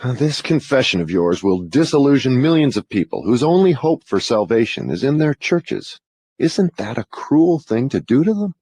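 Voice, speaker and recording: A man's voice: mid-range voice, big pitch swings, normal speed, mellow, husky, no echo. A man playing a formal, demanding interrogator who questions with insistence in an audiobook dramatization. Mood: probing.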